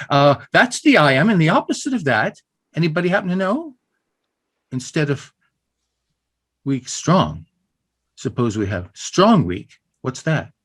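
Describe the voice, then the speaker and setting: A man giving an informal poetry lecture over a video call, halting, with many fillers and restarts and playful demonstrations. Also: medium pitch, husky.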